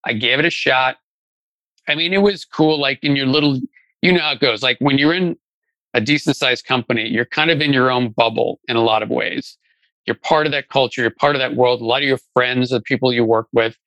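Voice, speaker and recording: Bright-voiced man telling his story. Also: medium pitch, fairly quick, dry recording, low-quality recording. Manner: conversational, many fillers and restarts. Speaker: guest, venture investor. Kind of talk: casual storytelling interview.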